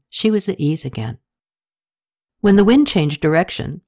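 A woman narrating an audiobook story in a steady scripted reading, lifting her pitch slightly for characters' lines.

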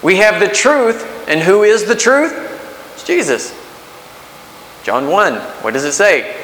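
A man's voice: high-pitched, sing-song, measured pace, fairly bright tone. A man in his thirties preaching a sermon as pastor, conversational, with rhetorical questions and restarts. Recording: echoey hall with faint hiss.

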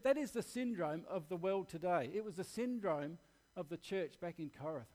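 A man's voice: high-pitched, expressive, normal speed, darkish tone. An Australian man preaching a sermon, telling a candid personal story in an earnest, plain-spoken way.

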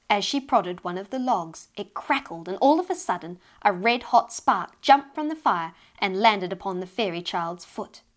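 A woman reading a children's storybook aloud with lively expression. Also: medium pitch.

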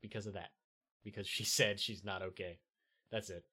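A man's voice: on the low side, fairly even intonation, normal speed, pushed and bright, slightly rough. A man hosting his own podcast, ranting about a movie in a rambling, profane way with lots of fillers. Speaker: podcast host reviewing a movie. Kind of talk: casual rant.

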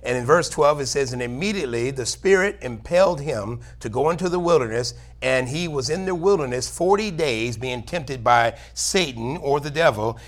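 A man's voice: mid-range voice, animated, moderate pace, hardly any pauses. A male pastor preaching a sermon in church, reading scripture aloud and asking for amens. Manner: preaching, calls for amen, reads scripture aloud.

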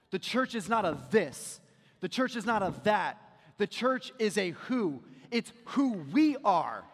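A man preaching a sermon as a pastor, talking to the congregation in a conversational way and dropping to a quiet storytelling voice for anecdotes. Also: extremely high pitch, big-room sound. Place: church sanctuary.

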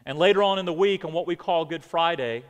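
A high-pitched male pastor preaching a sermon to his congregation. He builds to forceful, emphatic peaks and then sinks into quiet, low phrases. His voice rings with a long hall reverb. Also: quick pace. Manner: preaching with rising emphatic outbursts and dramatic drops. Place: church sanctuary.

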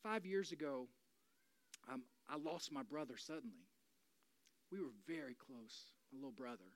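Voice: mid-range voice, lively intonation, moderate pace, no echo. Forty-something pastor preaching with big dynamic swings. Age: 40s. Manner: swings between loud preaching and hushed, confiding talk. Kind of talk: sermon. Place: church.

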